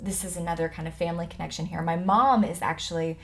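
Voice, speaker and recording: A woman's voice: lowish voice, steady tone, fast talker, a bit bright, a little hiss or hum. A young adult woman, an actress, chatting upbeat and freely as an interview guest. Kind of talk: casual interview chat.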